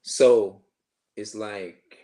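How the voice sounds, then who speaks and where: A man in his forties talking to camera in a rambling personal monologue, halting and restarting often. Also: on the low side, steady tone, dark tone. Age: 40s. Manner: halting, many restarts and filler phrases. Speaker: vlogger.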